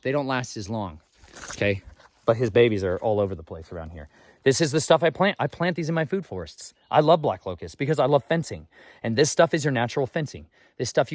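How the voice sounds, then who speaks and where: Brief: homesteader vlogger, a man, outdoors in the woods, folksy and excitable, addresses viewers directly. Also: medium pitch. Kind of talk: walk-and-talk forest vlog. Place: outdoors in a forest.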